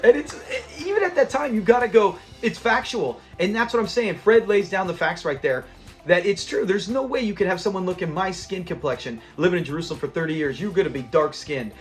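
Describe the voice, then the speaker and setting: A man hosting a casual episode review, retelling scenes in an animated way and laughing often. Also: high-pitched, brisk, soft background music. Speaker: host of a show review channel.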